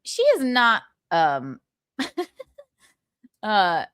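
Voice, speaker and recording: A woman's voice: mid-range voice, huge pitch swings, extremely slow, fairly bright tone, clean tone, no room sound, studio quality. Giggly woman hosting a live chat. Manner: giggly, chatty, laughs often. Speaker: livestream host. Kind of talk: casual chat reading viewer comments.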